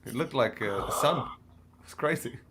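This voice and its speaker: Bright-voiced New Zealand man chatting. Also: medium pitch, expressive, normal speed, a little hiss or hum. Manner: rambling, swears casually. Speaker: podcast panelist. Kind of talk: casual chat.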